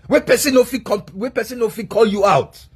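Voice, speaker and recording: Brief: husky man, high-pitched angry rant, swears, repeats himself. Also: fairly quick. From Nigeria. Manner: heated, swearing, repetitive. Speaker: online commentator.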